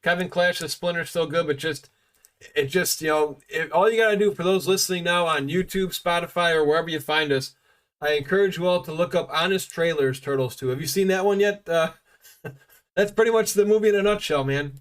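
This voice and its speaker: A man's voice: fairly high pitch, a little fast, fairly bright tone. A man hosting a casual podcast, rambling with many fillers and restarts. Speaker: podcast host.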